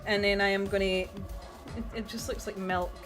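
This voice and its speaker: A woman's voice: medium pitch, flat delivery, moderate pace, fairly bright tone, faint music behind. A young woman chatting casually with her viewers while she paints miniatures, swearing freely and talking straight to them. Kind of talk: casual livestream chat.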